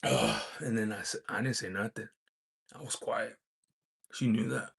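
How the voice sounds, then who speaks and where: Casting note: a man with a gravelly, rough voice, rambling casual storyteller. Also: lowish voice, moderate pace, fairly bright tone. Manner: rambling, many fillers and restarts. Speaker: vlogger.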